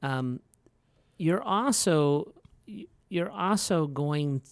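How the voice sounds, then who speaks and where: A man's voice: expressive, drawn-out words, vocal fry, clear, resonant tone, no echo. A man, a pastor co-hosting a podcast, chatting casually and acting out quotes from his stories. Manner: storytelling, acts out quotes in a higher voice.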